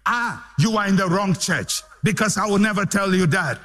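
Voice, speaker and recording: High, animated preacher man. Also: normal speed. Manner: impassioned preaching, repeating phrases and building to shouts. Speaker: pastor. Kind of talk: sermon.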